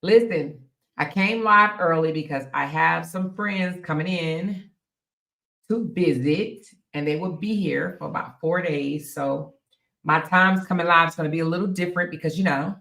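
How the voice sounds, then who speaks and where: A woman's voice: on the low side, normal speed, creaky, fairly bright tone. A woman hosting a casual live stream, chatting straight to viewers and laughing often. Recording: echoey room.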